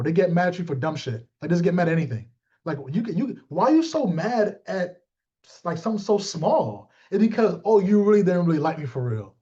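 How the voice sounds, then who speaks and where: A man giving a motivational talk to his team, animated and streetwise, calling out listeners by name. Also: sits high, highs cut off. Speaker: team leader.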